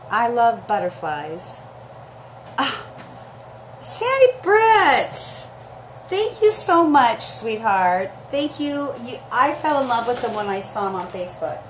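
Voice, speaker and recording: A woman's voice: mid-range voice, very animated, a little slow. A woman hosting a chatty live sale stream, gushing and emotional as she talks straight to her viewers, her throat scratchy and dry.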